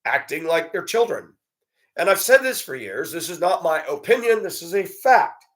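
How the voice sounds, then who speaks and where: A man's voice: high-pitched, sing-song, moderate pace. A man giving a blunt, profane, indignant monologue and telling a story about a run-in. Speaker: commentator. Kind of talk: ranting monologue.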